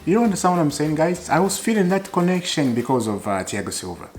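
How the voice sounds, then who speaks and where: A man talking to camera as a football fan vlogger, emotional and repetitive, swinging between loud bursts and quiet musing. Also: fairly high pitch, animated, fast talker, faint music behind. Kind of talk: casual fan commentary to camera.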